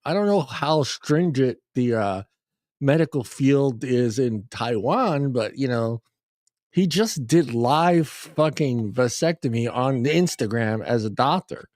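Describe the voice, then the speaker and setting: A man's voice: medium pitch, lively intonation, slow pace, darkish tone, dry recording, clean studio sound. A man co-hosting a casual talk show, laughing and rambling with stammering restarts. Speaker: co-host. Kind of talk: casual banter.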